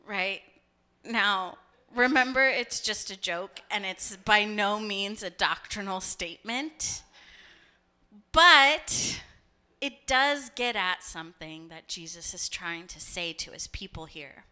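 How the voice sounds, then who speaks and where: Slow, bright-voiced woman pastor preaching. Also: mid-range voice, clean tone. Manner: storytelling, acts out voices. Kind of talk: sermon.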